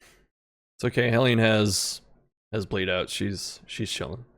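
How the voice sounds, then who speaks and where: A man as a guest in a casual video game discussion, relaxed and laughing easily as he talks. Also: on the low side, takes it slowly. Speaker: guest content creator.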